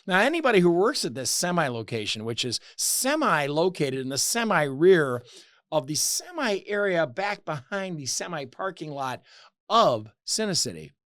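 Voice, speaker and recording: A man co-hosting a casual comedy podcast in a studio, telling animated stories and dropping into voices. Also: on the high side, normal speed, dry recording. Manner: animated storyteller, slips into voices. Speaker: podcast co-host.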